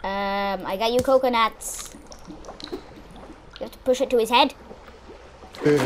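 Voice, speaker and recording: High, lively-voiced excitable gamer woman. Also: takes it slowly, pauses often, a little hiss or hum. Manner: excitable, chatty, exclaims at the game. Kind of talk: let's-play commentary.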